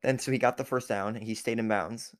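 A man's voice: lowish voice, steady tone, brisk. A man casually recapping a football game from memory, rambling with many fillers and self-corrections. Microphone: recording app with a time limit.

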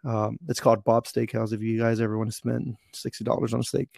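A man's voice: mid-range voice, fast talker, vocal fry, no room sound, clean studio sound. A young man from Texas telling a rambling, profane story in casual podcast chat. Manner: rambling, profane, animated retelling.

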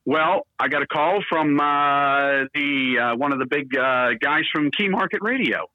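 A man's voice: a little high, unhurried, no echo, narrow, tinny audio. Rambling storytelling radio veteran man. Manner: rambling, salty anecdotes. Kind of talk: storytelling interview.

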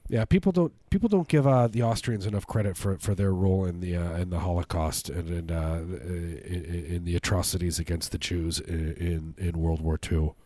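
A man's voice: sits low, normal speed, few pauses, mellow, dry recording. A man co-hosting a podcast, chatting casually and jokingly, rambling and stumbling over his words. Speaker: podcast co-host. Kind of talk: casual comedic chat.

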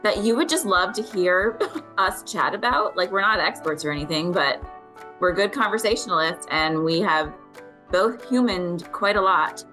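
Chill lower voiced woman cohost, encouraging and reflective. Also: expressive, normal speed, sharp tone, faint music behind. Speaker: podcast co-host. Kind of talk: casual chat.

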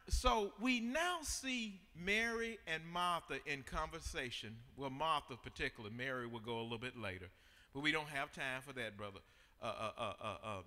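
A man's voice: high-pitched, pushed and bright, big-room sound. A man preaching a sermon as pastor, with emphatic repetition and call-and-response with the congregation.

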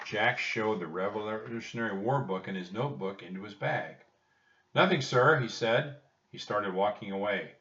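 A man reading a children's chapter book aloud with expressive storytelling. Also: on the low side. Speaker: audiobook reader. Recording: distant roomy dull home recording.

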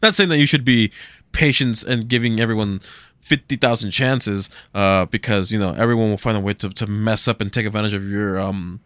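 A man co-hosting a podcast, musing hesitantly with many pauses and restarts. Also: on the low side, fairly bright tone, no room sound. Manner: hesitant, lots of fillers and restarts. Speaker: podcast co-host. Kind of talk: casual podcast chat.

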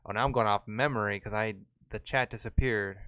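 A man hosting a casual livestream who laughs easily and swears offhandedly. His voice is smooth and clear, with a dry, close sound and no room echo. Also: fairly low pitch, fairly even intonation, brisk, a bit bright, dull audio. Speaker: livestream host. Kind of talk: casual chat.

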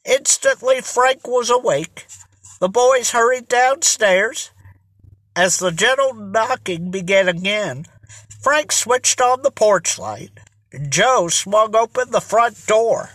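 Slow, animated storybook narrator. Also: mid-range voice, no echo. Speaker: audiobook narrator. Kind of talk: scripted narration.

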